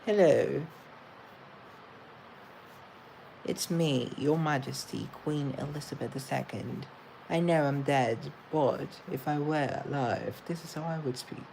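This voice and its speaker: A man's voice: a little high, a little slow, vocal fry, a little mellow, slight background noise, poor audio. A young man doing an impression of an elderly queen, attempting a posh, proper accent. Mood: prim.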